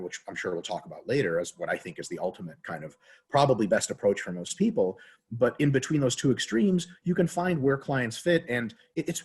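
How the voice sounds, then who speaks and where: A man's voice: medium pitch, breathy edge. A man as a podcast guest who talks as a fitness scientist, in rambling, profane casual chat and acting out quoted voices. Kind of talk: casual interview talk.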